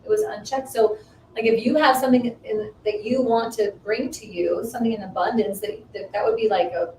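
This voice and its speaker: A woman in her fifties sharing a personal story in casual chat, animated and acting out the dialogue she quotes. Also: a little fast. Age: 50s. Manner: animated, acts out quoted dialogue with rising pitch. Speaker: guest. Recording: echoey room, mic at a distance, faint noise.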